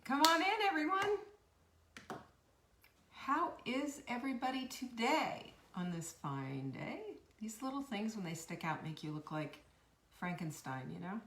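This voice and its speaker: Chatty woman, bright and lively. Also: a little high, unhurried, recorded from a distance, a little hiss or hum. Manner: chatty, greets viewers by name. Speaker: host. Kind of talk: live-stream chat. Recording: echoey room.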